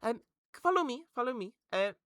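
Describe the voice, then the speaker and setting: Lady Mirian, a man doing a brisk little old noblewoman. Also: very high-pitched, sing-song, fairly bright tone, smooth, no echo, clean studio sound, pitched above the performer's own voice, heavily acted. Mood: courteous. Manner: halting, hesitant speech with many fillers.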